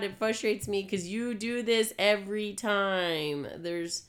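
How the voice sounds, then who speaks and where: A woman's voice: mid-range voice, expressive, a little slow, hardly any pauses. A woman talking casually about relationships with her husband, emphatic and exasperated. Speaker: co-host, the man's wife.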